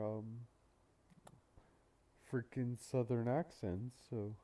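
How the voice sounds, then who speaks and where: A man hosting a reaction video talks slowly and unhurriedly, with a very dark, mellow tone. His commentary is loose and rambling, full of fillers and the odd curse word. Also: medium pitch. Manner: rambling, filler-heavy, profane. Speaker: anime reaction channel host.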